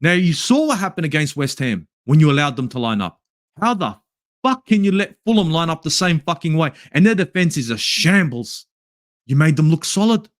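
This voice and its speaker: An Australian man reviews a football match with a furious, profane rant, fighting the chat as he goes. His voice sits a little high and swings hard, jumping into near-shouts and then sinking into low, muttered grumbles. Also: big pitch swings, moderate pace, no echo, clean studio sound. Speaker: fan channel host. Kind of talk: ranting match review, reading live chat.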